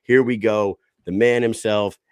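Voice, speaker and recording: A man, co-hosting a loose podcast and spinning stories with plenty of swearing. His voice sits fairly low and sounds dry and close, with no room around it. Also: measured pace, smooth, dry recording. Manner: boisterous, swears freely, animated storytelling. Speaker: podcast co-host. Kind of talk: casual profane chat.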